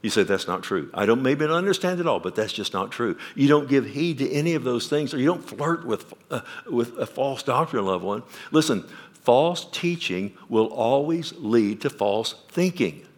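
A male pastor, preaching a sermon. He questions the congregation and swings from loud emphasis down to quiet. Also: mid-range voice, expressive, moderate pace.

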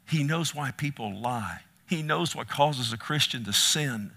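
A middle-aged man preaching an impassioned sermon, swinging from hushed, slow words to loud calls. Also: on the high side, creaky. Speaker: pastor.

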